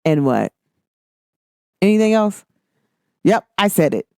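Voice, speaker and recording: A woman hosts a casual talk show and talks in a lively, emphatic way. She slips into a higher voice when she acts out what people said to her. The sound is dry and close, with no room echo. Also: slow pace. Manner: animated, emphatic, acts out quoted exchanges in a higher voice. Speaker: podcast host. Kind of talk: casual monologue.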